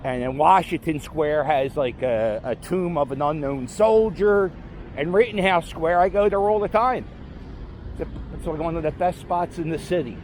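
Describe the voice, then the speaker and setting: In this outdoor city-street vlog, a Philadelphia-area man rambles through a casual walking tour, correcting himself offhandedly along the way. His voice is on the high side and a little mellow, at normal speed. Faint street noise can be heard.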